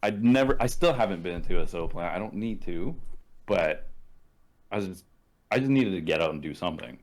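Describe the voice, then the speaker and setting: Canadian man, low voice, casual profane storyteller, acts out quotes. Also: animated, a little fast, darkish tone. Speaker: podcast guest.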